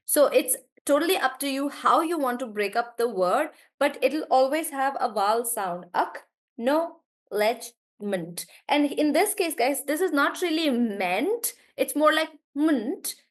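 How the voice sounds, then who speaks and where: A woman teaching a live online English class, warmly praising students and slowly drawing out words as she models how they sound. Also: high voice, animated. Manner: encouraging, drawn-out words when modelling pronunciation.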